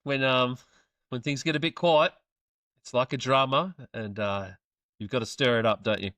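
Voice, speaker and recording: A man's voice: medium pitch, moderate pace, fairly bright tone, dry recording. An Australian man hosting a casual sports show, upbeat and playfully teasing his co-hosts. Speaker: podcast host.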